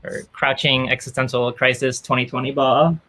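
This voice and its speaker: A woman's voice: extremely low pitch, flat delivery, normal speed, fairly bright tone. A woman performing a stand-up set over a video call, dry and self-deprecating, acting out quoted lines. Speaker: stand-up comedian.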